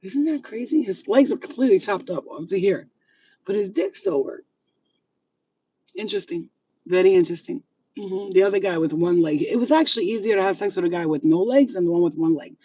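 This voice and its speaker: A man's voice: sits high, expressive, fairly quick, warm tone, recorded from a distance, muffled recording, slight background noise. A man chatting casually to camera in a vlog, flamboyant and bawdy, breaking into laughter often. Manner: giggly, bawdy, flamboyant storytelling. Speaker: vlogger.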